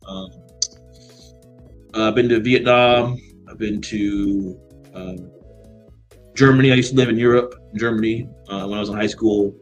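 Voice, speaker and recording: A man in casual chat, telling stories in an animated way, laughing and swearing freely. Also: fairly low pitch, a little slow, long pauses, muffled recording, soft background music.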